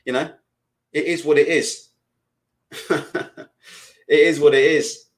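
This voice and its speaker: A man hosting a live boxing stream, reading viewer comments and ranting loudly in a deliberately amped-up, swearing way. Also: on the high side, fairly even intonation. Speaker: boxing channel host.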